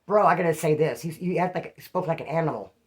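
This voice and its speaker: A man telling a rough personal story in casual, profane street slang. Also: a little high, quick pace. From California. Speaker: vlogger.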